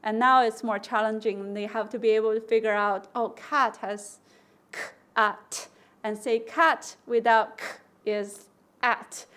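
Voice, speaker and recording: A woman giving an academic conference lecture, explaining testing steps and acting out example prompts with slow, stressed words. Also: fairly high pitch, flat delivery, fairly bright tone. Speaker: conference speaker.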